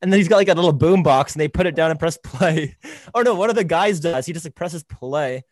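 A man's voice: fairly high pitch, no echo. A young man in casual chat, laid-back and full of "like"s. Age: young adult. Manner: fast, laid-back, many "like"s. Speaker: podcast co-host.

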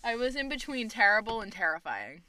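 A woman's voice: on the high side, very animated, a little fast, bright, forceful tone, no room sound, low-quality recording. A woman co-hosting a casual podcast, giggling often and trading crude, teasing banter. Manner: giggly, laughs through her lines. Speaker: podcast co-host. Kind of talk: casual chat.

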